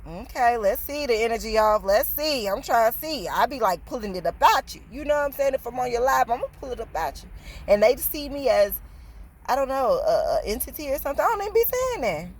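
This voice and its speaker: A woman's voice: on the high side, sing-song, brisk. Blunt, profane, passionate woman vlogging. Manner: slangy, streetwise talk. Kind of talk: casual storytime monologue.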